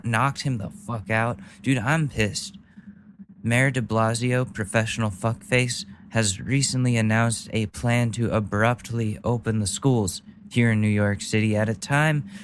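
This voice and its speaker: A man's voice: mid-range voice, slight background noise. A man hosting a news podcast, ranting angrily and bluntly with lots of swearing. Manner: angry, profane, blunt. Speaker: podcast host. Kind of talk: angry political rant.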